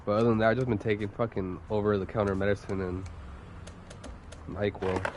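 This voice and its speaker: A man's voice: fairly low pitch, steady tone, fairly quick, darkish tone, a little hiss or hum. A young man streaming, who is getting over a cold and coughs now and then, talking in a rambling, profane way full of fillers. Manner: rambling, profane, heavy use of "like". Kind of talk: casual stream chat.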